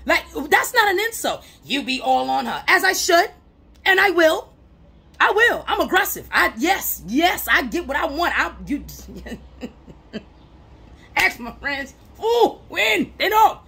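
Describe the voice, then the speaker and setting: A woman talking straight to camera in a casual advice vlog, her voice sitting high with a gravelly, fried edge. She is animated and full of slang, hammering points home by repeating them. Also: a little slow, long pauses. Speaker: relationship advice vlogger.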